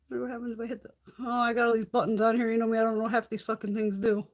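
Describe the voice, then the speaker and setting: A woman hosts a casual beauty livestream from her phone, telling stories packed with swearing and laughter. Her voice is fairly high-pitched, flat in delivery, and rapid-fire.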